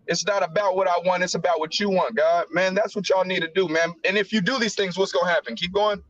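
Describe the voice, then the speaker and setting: A man's voice: high-pitched, fairly even intonation, fairly quick, few pauses, a bit bright, highs cut off. A man talking passionately and emotionally in a casual, slangy scripture discussion on a livestream. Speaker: Bible study participant.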